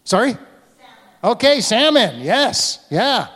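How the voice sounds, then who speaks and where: A man with a high, light voice preaches to a congregation in a church. His words carry a long reverb from the large hall around him. He talks in an easy, conversational way and draws answers from the room. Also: big pitch swings, unhurried, a bit bright. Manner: conversational, asks the congregation questions. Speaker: guest preacher. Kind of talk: sermon. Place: church sanctuary.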